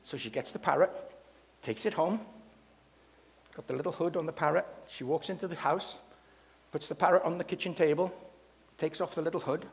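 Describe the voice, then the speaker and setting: A man's voice: fairly high pitch, brisk, vocal fry, long pauses. A man hosting a variety show, telling jokes on stage and introducing acts with a showman's flair. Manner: showman, playful. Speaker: emcee. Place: stage in a hall. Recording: long hall reverb.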